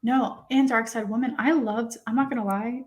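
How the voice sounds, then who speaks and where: A young woman hosting a casual podcast chat, excitable and chatty, often breaking into laughter. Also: fairly high pitch, normal speed. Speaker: podcast host.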